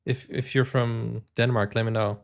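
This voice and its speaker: A man's voice: medium pitch, little pitch movement, normal speed, creaky. A man hosting a video reaction channel, chatting casually and wondering aloud as he tries out words. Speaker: YouTube reaction host.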